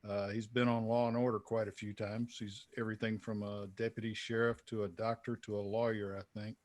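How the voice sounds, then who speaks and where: A man's voice: fairly low pitch, level tone, brisk, darkish tone, dry recording. A man hosting a podcast and talking about his novels in an easygoing way. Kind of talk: casual podcast chat.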